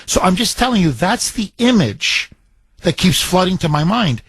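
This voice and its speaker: A man's voice: sits high, very animated, normal speed, fairly bright tone, slightly rough, no echo. A middle-aged man from Canada hosting a talk radio show, telling a personal story with emotion and emphatic indignation.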